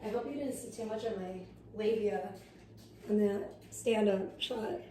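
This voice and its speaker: A woman's voice: mid-range voice, a little slow, warm tone, a little hiss or hum. Rambling, crude woman streamer. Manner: rambling, crude jokes, muttering to herself. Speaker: live streamer. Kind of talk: casual live-stream chat. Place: outdoors in the sun, tanning. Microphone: phone.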